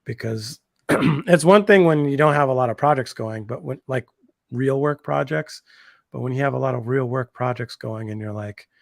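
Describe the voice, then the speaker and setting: A man's voice: medium pitch, normal speed, vocal fry, no room sound, clean studio sound. A man in his thirties co-hosting a casual livestream chat, enthusiastic and rambling, full of slang and fillers. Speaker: co-host.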